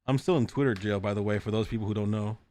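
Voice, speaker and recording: A man's voice: lowish voice, fairly even intonation, rapid-fire, darkish tone. A man hosting a casual podcast who rambles, swears freely and laughs often. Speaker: podcast host.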